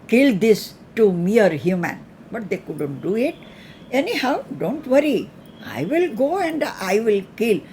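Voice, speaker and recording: A woman voicing a grieving demon king who speaks softly but full of anger and boasting, telling a mythological story. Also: medium pitch, slight background noise. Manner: soft-spoken with boastful threats.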